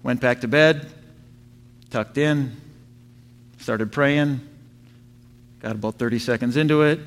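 A man preaching a sermon to his church, telling a story with animated sound effects. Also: medium pitch, slow pace. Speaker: pastor.

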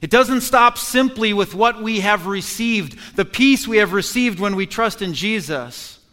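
A man's voice: high-pitched, lively intonation, unhurried, sharp tone. A man preaching a sermon as pastor, earnest and emphatic, repeating phrases for effect. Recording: echoey hall.

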